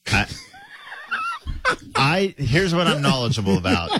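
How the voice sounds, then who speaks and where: A man co-hosting a sports radio show, talking in casual banter and laying out his reasoning in a measured way. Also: mid-range voice, very animated, raised voice, background noise.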